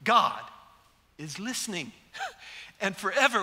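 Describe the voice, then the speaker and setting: Male preacher, animated storyteller, sharp bright tone, echoing sanctuary. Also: sits high, a little slow, long pauses. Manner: animated storyteller acting out quotes. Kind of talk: sermon. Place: large church sanctuary. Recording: echoey hall.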